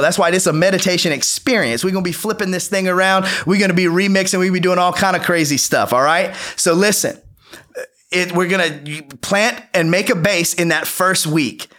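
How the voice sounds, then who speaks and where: A man's voice: high-pitched, fairly bright tone. A man hosting a meditation course on a livestream, talking in a loose, playful, slangy way with frequent restarts. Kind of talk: casual Instagram Live talk.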